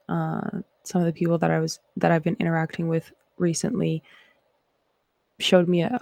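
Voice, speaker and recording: Gravelly-voiced Canadian woman, chatty and rambling. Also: lowish voice, mellow, no echo. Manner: rambling, reflective, chatty with viewers. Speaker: live-stream host. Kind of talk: casual live-stream chat and Bible reading.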